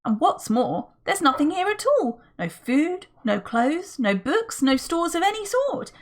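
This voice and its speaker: A woman's voice: high voice, very animated, unhurried, pitched above the performer's own voice. A woman reading the part of a sensible, cheerful older boy who speaks confidently and reasons things out. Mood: earnest.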